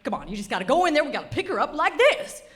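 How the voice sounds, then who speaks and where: A woman voicing a jovial, hospitable older man, the father of her boyfriend, hearty and loud. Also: high voice, very animated, rapid-fire, voice pushed up. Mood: commanding. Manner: hearty and loud, bossing everyone kindly.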